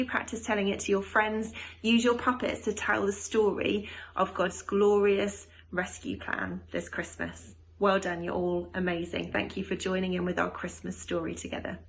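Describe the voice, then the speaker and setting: A woman telling a Christmas story to children with finger puppets, slow, gentle and encouraging, with a repeated refrain. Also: mid-range voice.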